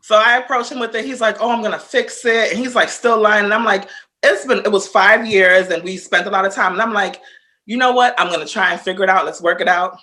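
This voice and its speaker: A woman guest on a casual podcast telling a story, animated and profane, acting out both sides of the conversation. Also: medium pitch, quick pace.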